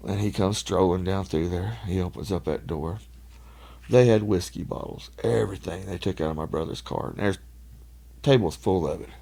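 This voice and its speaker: A man's voice: sits low, normal speed, gravelly, mellow. A middle-aged man, telling stories as a podcast guest, swearing freely and laughing often. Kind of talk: casual storytelling.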